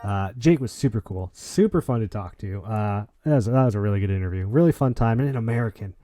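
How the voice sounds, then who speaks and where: A man hosting a gaming league podcast, chatting in an excitable, jokey way with lots of restarts. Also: lowish voice, fast talker, over music. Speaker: podcast host. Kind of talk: casual podcast chat and wrap-up.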